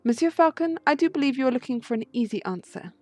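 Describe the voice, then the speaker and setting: A woman's voice: high voice, lively intonation, quick pace, darkish tone, dry recording, voice pushed up. Woman voicing a prim young noble cat lady. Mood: genteel.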